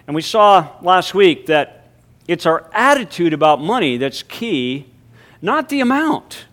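A male pastor giving a sermon, moving from a hushed, reverent prayer into emphatic preaching with deliberate, drawn-out stresses. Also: on the high side, lively intonation. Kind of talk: spoken prayer.

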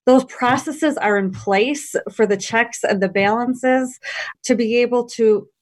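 A woman's voice: fairly high pitch, a little slow. A woman hosting an interview podcast, friendly and affirming toward her guest. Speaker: podcast host. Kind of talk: interview and show outro.

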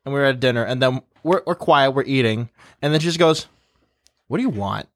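A man's voice: medium pitch, quick pace, fairly bright tone. A young man hosting a podcast panel, chatting casually and telling stories with many fillers. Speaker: podcast host.

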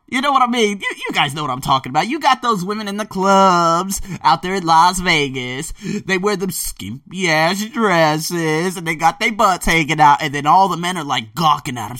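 A man's voice: fairly high pitch, a bit bright, no echo, studio quality, distant mic. A man giving a casual, rambling monologue about a book, emphatic and often profane. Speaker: podcaster discussing a book.

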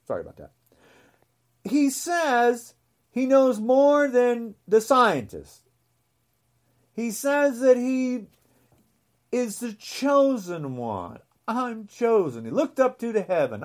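Mocking ranting podcaster, swooping pitch. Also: darkish tone. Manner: mocking, repetitive, name-calling. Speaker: podcast host. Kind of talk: solo political rant podcast.

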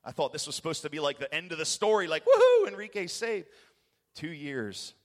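A man from the United States giving an excitable, rambling sermon testimony in a church, laughing often and getting passionate. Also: on the high side, fast. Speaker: guest preacher giving a testimony. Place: church sanctuary. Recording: long echoey hall reverb.

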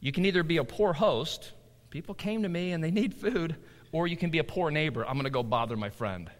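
A middle-aged man preaching a sermon, animated, swinging between loud emphasis and quiet asides. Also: on the high side, brisk, big-room sound. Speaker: pastor.

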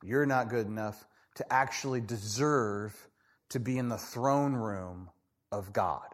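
A man preaching a sermon in a conversational, animated way, often asking "right?" and acting out voices. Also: on the low side, measured pace. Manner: acts out people in quoted voices. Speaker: pastor.

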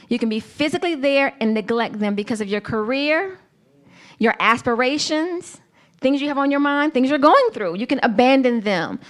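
A woman preaching a sermon to a congregation, earnest and emphatic, with slow, deliberate phrasing. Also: fairly high pitch.

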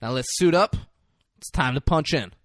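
A man's voice: fairly high pitch, normal speed, no echo, clean studio sound. A man in casual chat, animatedly retelling a film's scenes and swearing freely. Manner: animated, jumps into character voices, swears freely. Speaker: podcast co-host recapping a film.

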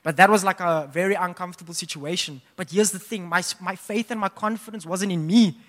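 Bright high-voiced preacher. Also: male voice, brisk. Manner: animated, casual storytelling with laughs. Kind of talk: sermon with personal storytelling. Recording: long hall reverb.

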